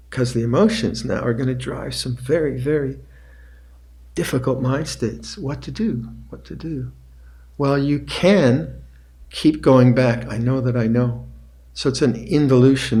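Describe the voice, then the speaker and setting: An older man gives a dharma talk at a meditation retreat. His voice sits at an ordinary mid pitch, calm and unhurried. He often repeats short phrases more quietly. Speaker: meditation teacher.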